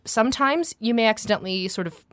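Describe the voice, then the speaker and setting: A woman who works as a voiceover artist, talking in a casual podcast interview, animated and playful, laughing often. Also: fairly high pitch, fast talker, no echo. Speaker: voiceover artist and voice coach guest.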